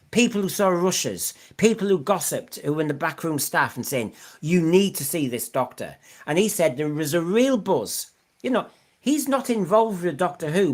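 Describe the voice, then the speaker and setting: A podcast host reading through the news in a loose, rambling way, with plenty of ums along the way. The voice sits at an ordinary middle pitch. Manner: rambling, chatty, filler-heavy. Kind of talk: casual news chat.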